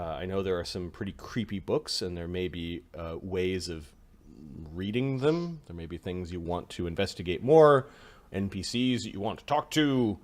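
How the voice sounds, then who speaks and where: A man running a tabletop game as game master, explaining the story at a relaxed pace with many pauses and fillers. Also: on the low side.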